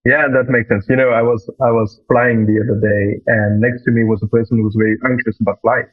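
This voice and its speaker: A man co-hosting a podcast, chatting casually and answering with short relaxed replies. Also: medium pitch, fairly quick. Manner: relaxed, brief backchannels. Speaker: podcast co-host. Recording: tinny phone-like remote line.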